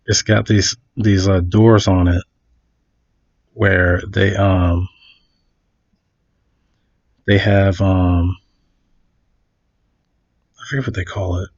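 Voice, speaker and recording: A man's voice: deep voice, little pitch movement, very slow, long pauses, a little mellow, highs cut off. A man casually telling a story, full of fillers and restarts, acting out other people's lines.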